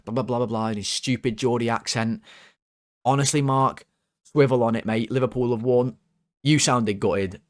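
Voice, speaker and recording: An excitable man hosts his football fan channel, ranting and joking his way through player ratings with plenty of swearing. His voice sits at an ordinary middle pitch but leaps up sharply when he gets worked up. The sound is dry and close. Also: dry recording. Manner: excitable, swears, jokey rants with big pitch jumps. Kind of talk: casual football ratings monologue. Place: home.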